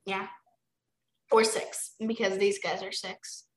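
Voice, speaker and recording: A woman's voice: mid-range voice, little pitch movement, reverberant. A young woman co-hosting a casual book podcast, reading chapters aloud and breaking off into giggly asides. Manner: giggly, reads with quick asides.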